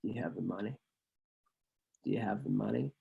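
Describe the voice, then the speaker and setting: A man doing a gruff, low-voiced tough guy. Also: brisk, phone-quality sound, exaggerated voice. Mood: menacing. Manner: curt, flat, unfriendly. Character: gruff tough male ticket seller.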